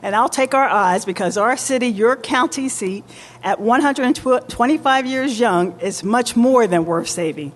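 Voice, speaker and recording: A woman mayor giving a formal public address with deliberate, emphatic oratory in a large indoor market hall. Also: fairly high pitch. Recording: long reverb of a large hall.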